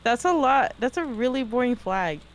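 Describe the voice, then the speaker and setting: A woman's voice: fairly high pitch, animated, normal speed, crowd noise. A woman chatting casually with friends on a voice call, playful and blunt. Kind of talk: casual chat.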